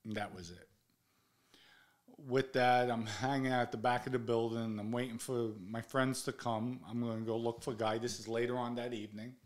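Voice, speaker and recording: A man's voice: mid-range voice, steady tone, moderate pace. Blunt, profane New man. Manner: blunt, profane, acts out the people he quotes. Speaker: guest recounting his past. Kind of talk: candid storytelling.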